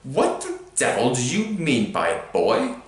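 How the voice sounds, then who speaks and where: A man voicing a furious, bullying middle-aged uncle, snarling and barking with a croaky edge. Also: mid-range voice, wildly swooping pitch, moderate pace, a bit bright, voice pushed up. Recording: roomy echo.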